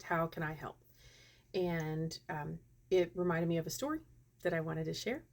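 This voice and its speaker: Chatty woman telling a story. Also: lowish voice. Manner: chatty, animated, self-interrupting. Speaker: vlogger. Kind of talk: casual storytelling to camera.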